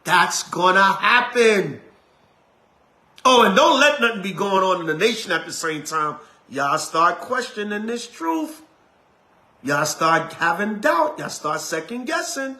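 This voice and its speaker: A man's voice: high voice, animated, measured pace, pushed and bright. A middle-aged man, an elder preaching a sermon in an emphatic, repetitive, colloquial way.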